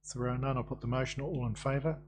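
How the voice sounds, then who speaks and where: A man chairing a council committee meeting, brisk and procedural with dry quips. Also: mid-range voice, steady tone, darkish tone. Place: council chamber.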